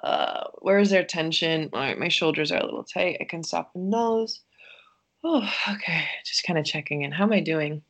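A woman with a slightly low voice speaks as a podcast guest. She is gentle and reflective, and she often pauses and hesitates as she works out her thoughts. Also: lively intonation.

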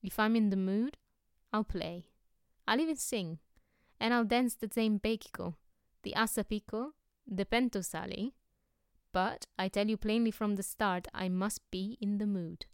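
A woman voicing a brash, earthy, free-spirited man, talking loudly and emphatically in a storybook reading. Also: medium pitch, unhurried, smooth, dry recording, studio quality, lightly acted. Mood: insistent. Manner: loud, emphatic, forceful.

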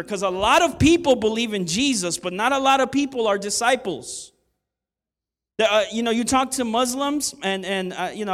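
High-voiced man preaching a sermon. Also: fairly bright tone. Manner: conversational, asks the congregation for amens; self-deprecating humor. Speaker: pastor.

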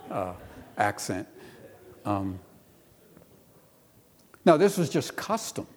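A middle-aged man preaches to his church, reading scripture aloud before unpacking it in a relaxed, conversational voice. His speaking pitch sits in an ordinary middle range. A long reverb from the hall trails after his words. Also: measured pace, pauses often. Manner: reads scripture then explains it conversationally, with playful voices for quotes. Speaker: pastor. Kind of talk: sermon.

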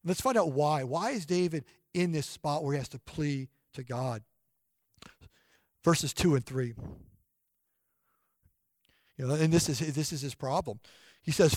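A middle-aged man preaching a sermon in an earnest voice, often dropping to a soft, hushed tone for personal stories. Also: fairly high pitch, measured pace, pauses often, no room sound, clean studio sound. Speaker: pastor.

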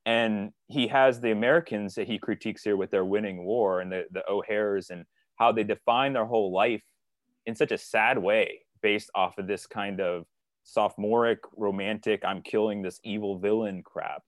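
A man's voice: fairly low pitch, normal speed, no room sound, studio quality. A man co-hosting a casual literary discussion, talking earnestly and rambling a little as he paraphrases characters. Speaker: co-editor and podcast co-host.

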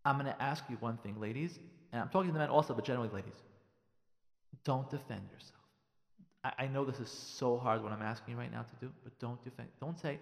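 A man speaking as a rabbi gives marriage advice in a radio talk, and his voice sits high and swings widely as he acts out little exchanges and repeats his points. His delivery is animated and insistent. A long, hall-like reverb trails each phrase. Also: fast. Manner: animated, acts out quoted dialogue, repeats lines for emphasis.

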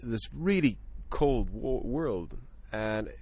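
A man's voice: medium pitch, lively intonation, slow pace, a little mellow. A man talking through his thoughts on films in a casual discussion, thoughtful and full of fillers and restarts. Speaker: film podcast guest.

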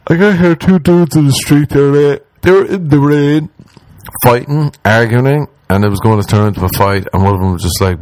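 A man's voice: medium pitch, brisk, darkish tone, no room sound. A man, a comedian ranting in a profane, exasperated way and mimicking the people he talks about. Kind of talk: rambling comic rant.

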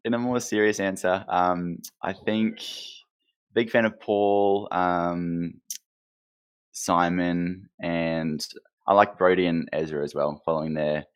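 An Australian man in his twenties, a guest answering questions in a relaxed, laughing way over a call. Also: deep voice, slow pace, smooth. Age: 20s. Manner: laid-back, laughs often. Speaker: guest player. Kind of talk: casual interview chat.

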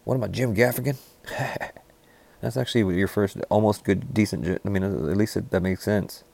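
A man in rambling, deadpan comedic banter, riffing with frequent restarts. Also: on the low side, moderate pace, creaky.

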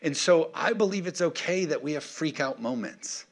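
A man's voice: fairly high pitch, animated, normal speed. A male pastor preaching an emphatic sermon, often calling for the congregation's response.

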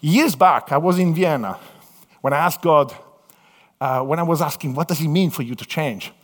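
A man from southern Italy with an Italian accent, preaching a sermon through lively personal stories, acting out the voices in them. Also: a little high, moderate pace. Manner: animated storytelling, acts out voices in quotes. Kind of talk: anecdotal sermon. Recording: long hall reverb.

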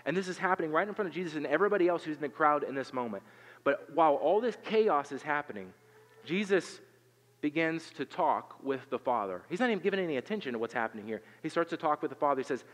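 A man's voice: medium pitch, fast, fairly bright tone, long reverb tail. A man preaching a sermon, talking in an earnest, conversational way with rhetorical questions and frequent repeated words. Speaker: pastor.

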